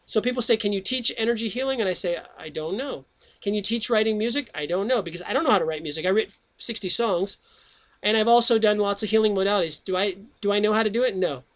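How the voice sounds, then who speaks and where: This middle-aged radio host talks fast in a high, fairly bright voice. His chatty, jokey monologue wanders from topic to topic until he settles into reading a book aloud.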